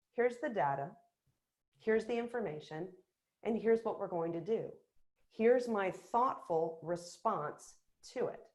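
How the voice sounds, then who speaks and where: A middle-aged woman giving an energetic, emphatic motivational talk to a webinar audience as keynote speaker. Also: a little high.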